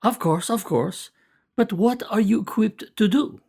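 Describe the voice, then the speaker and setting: A man's voice: sits high, unhurried, a little mellow, slightly rough, pitched above the performer's own voice, exaggerated voice. A man voicing a young, hearty male cannery boss with a Norwegian accent who speaks in effusive exclamations. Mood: brisk.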